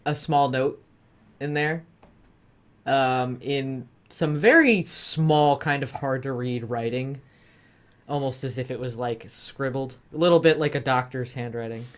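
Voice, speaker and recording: A woman narrating as dungeon master of a tabletop game, relaxed, with frequent ums. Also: extremely low pitch, a little slow.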